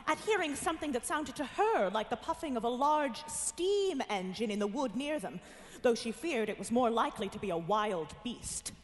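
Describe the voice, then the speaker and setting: Animated high-voiced woman storyteller. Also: normal speed, slight background noise. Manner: expressive, animated reading. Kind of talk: storybook narration. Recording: long hall reverb, music behind.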